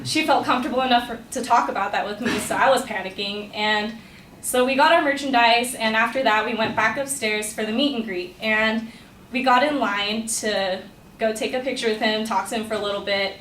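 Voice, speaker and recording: A young woman with a fairly high voice tells a personal story to a class, chatty and excitable. The room sounds roomy and the mic sits some distance away. A faint hum runs underneath. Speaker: student storyteller.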